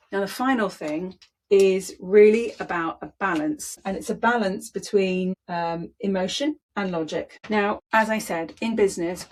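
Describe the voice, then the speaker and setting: A woman's voice: mid-range voice, husky. A woman speaking coach presenting a training talk, demonstrative and emphatic, often repeating words for effect.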